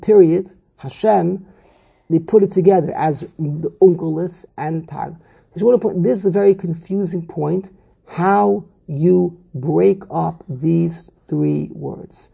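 A man's voice: sits high, vocal fry, dark tone, husky. A man giving a Torah lesson on a verse, who repeats phrases and restarts often as he explains. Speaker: Torah teacher. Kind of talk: text study lecture.

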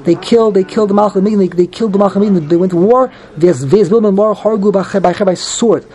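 A man giving a Talmud class, reading Hebrew phrases and explaining them quickly in English with many restarts. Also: sits high, warm tone, poor audio. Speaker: Talmud teacher.

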